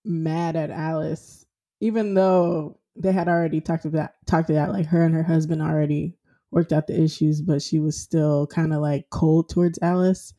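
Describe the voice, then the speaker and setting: Mellow-voiced cohost chiming in on a book chat, agreeable. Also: medium pitch, little pitch movement, moderate pace. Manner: agreeable, brief backchannel replies. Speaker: book discussion co-host. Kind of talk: casual chat.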